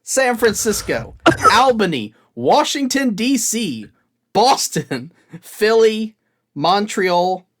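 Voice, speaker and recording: A man's voice: sits high, big pitch swings, slow. Rambling young man, casual podcast chat. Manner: rambling, reads out a long list while looking things up. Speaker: podcast co-host.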